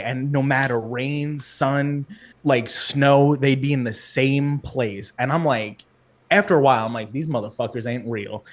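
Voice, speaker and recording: A man from Brooklyn, a guest on a podcast, telling jokey stories in casual chat and laughing often. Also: mid-range voice. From New York City, Brooklyn.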